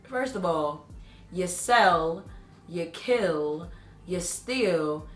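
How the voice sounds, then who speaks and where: A young adult woman telling a storytime vlog, animated, laughing and blunt with profanity. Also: on the low side, very slow, faint music behind. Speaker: vlogger. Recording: roomy echo.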